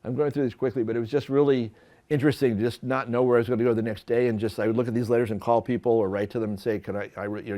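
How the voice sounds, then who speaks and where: A man, a photographer, telling stories from his career to an audience in a lively, self-deprecating way with many restarts. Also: lowish voice. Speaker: photographer giving a talk. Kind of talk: storytelling lecture. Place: lecture hall at an art school.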